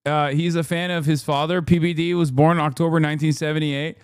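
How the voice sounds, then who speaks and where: A man's voice: a little high, little pitch movement, fairly quick, smooth, dry recording, clean studio sound. A man streaming casual reaction commentary, profane and mocking, breaking into laughter.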